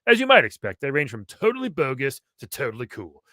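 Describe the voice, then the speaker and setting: Comedy co-host, male, mid pitch, wry and teasing, very expressive, dry close sound. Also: fast, dry recording. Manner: wry, teasing, reads aloud. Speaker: podcast co-host. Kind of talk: comedic magazine read-along chat.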